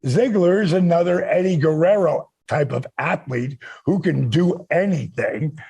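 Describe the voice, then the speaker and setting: Gravelly, raspy man telling stories. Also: fairly high pitch, measured pace. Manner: animated, acts out quoted voices, many restarts. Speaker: guest. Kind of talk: casual storytelling.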